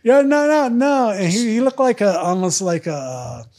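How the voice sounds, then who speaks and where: A man's voice: high voice, animated, measured pace, darkish tone. Blunt, profane man telling stories. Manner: blunt, profane, acts out both sides of arguments. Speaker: guest. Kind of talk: casual storytelling.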